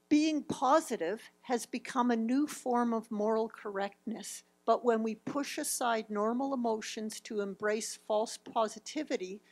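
A woman in her fifties presenting a grief seminar, speaking reflectively as she walks through slides and quotes. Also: fairly high pitch. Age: 50s.

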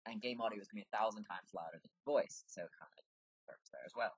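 A man with a deep voice giving casual, rambling commentary while playing a video game and chatting to the characters. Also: quick pace, breathy edge, no echo, lo-fi sound.

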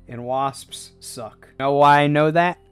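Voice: mid-range voice, fairly bright tone, clean tone, no echo. A livestreamer chatting casually to chat while drawing, goofy and laughing often between jokey asides.

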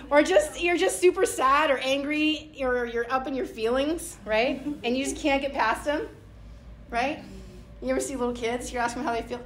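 A woman with a bright, high voice preaches in a roomy church, her sermon loose and chatty. She slips into playful little voices as she acts out everyday prayers. The room rings around her with a faint hum underneath. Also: moderate pace. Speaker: pastor. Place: church hall.

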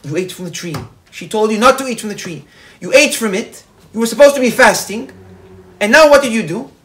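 A man's voice: fairly high pitch, expressive, racing, lightly acted. A man voicing a reproachful guard in a told story. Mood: scolding. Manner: reproachful, rising insistence. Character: scolding loyal guard, adult man.

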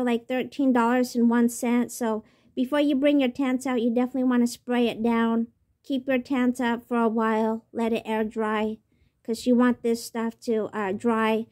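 Chatty high-voiced woman vlogger. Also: a little mellow. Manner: rambling and chatty, with many ums and restarts. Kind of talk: casual product tips vlog.

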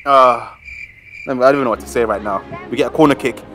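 A man giving lively, slangy amateur commentary on his club's football match. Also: medium pitch, quick pace, soft background music. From South London. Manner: casual slang, cheering and groaning over plays.

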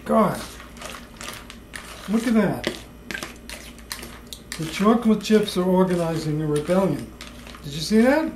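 A home cook talking through baking in a slow, whimsical, playfully mock-serious way in a kitchen. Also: medium pitch, animated, a little mellow, echoey room, a little hiss or hum, poor audio. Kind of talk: playful cooking video banter.

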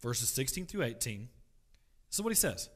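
A man teaching a church Bible class, emphatic, swinging between loud stress and quiet asides, often repeating words as he restarts. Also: medium pitch, sing-song, moderate pace, husky.

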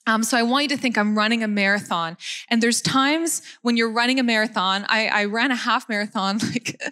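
A woman, giving a sermon in an animated way with frequent laughs and self-deprecating asides. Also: on the high side, brisk. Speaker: preacher.

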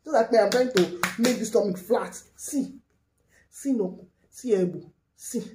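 Ranting Nigerian woman, fairly high voice. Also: a little slow. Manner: animated, pleading, switches into pidgin and Yoruba. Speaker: skincare vlogger and seller. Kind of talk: angry rant to camera.

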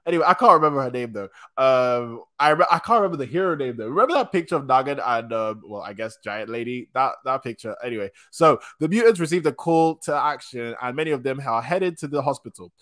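A young man hosting a casual manga reaction, excitable and slangy, often stopping to correct himself. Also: medium pitch, quick pace, hardly any pauses. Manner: excitable slangy chatter, frequent restarts.

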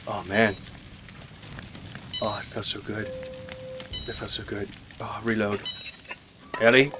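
A man doing jokey, excitable gameplay commentary, yelping and muttering as he plays. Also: lowish voice, moderate pace, long pauses, background noise. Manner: excitable, jokey, swears mildly, yelps when hit. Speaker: let's play gamer. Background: game music.

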